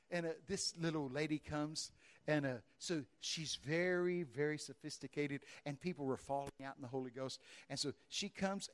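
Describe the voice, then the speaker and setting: A man preaching a charismatic healing sermon and praying, fervent and emphatic, telling stories with loud exclamations. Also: on the high side.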